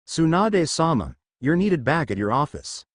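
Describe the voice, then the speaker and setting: A man's voice: a little high, big pitch swings, normal speed, no echo, studio quality. A man reading the lines of a polite, shy adult woman teacher in a fan fiction story, speaking hesitantly.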